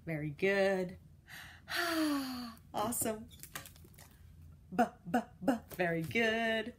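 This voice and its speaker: A high-pitched woman teacher runs a phonics drill for small children, sounding out each letter and cheering them on. She talks at an unhurried, deliberate pace. A faint hiss sits under her voice. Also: expressive. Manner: encouraging, cheerful praise.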